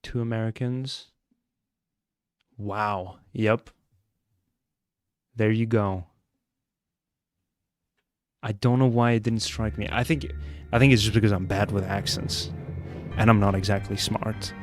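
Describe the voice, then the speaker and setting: A man's voice: fairly low pitch, steady tone, takes it slowly, long pauses, soft background music. A young man streaming a mystery game live, chatting and joking with his viewers as he plays. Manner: chatty, joking, answers chat.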